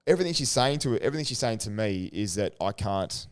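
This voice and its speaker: Male coach, lowish pitch, lively anecdotal podcast delivery with frequent restarts. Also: quick pace, clear, resonant tone. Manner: animated storytelling with many restarts. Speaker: strength and conditioning coach. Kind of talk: casual podcast chat.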